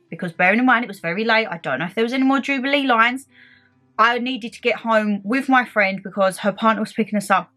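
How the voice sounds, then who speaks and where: Young woman, casual storytime vlogger, fired-up and chatty, soft music bed. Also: a little high. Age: young adult. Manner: animated, indignant retelling with quoted back-and-forth. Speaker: beauty vlogger.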